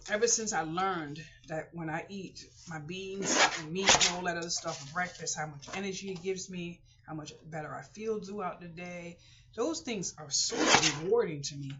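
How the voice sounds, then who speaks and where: A frugal living vlogger chats casually to camera, her lowish voice moving at normal speed as she rambles heartfeltly with plenty of fillers and calls her viewers "boys and girls." The recording is dull and lo-fi, with faint noise.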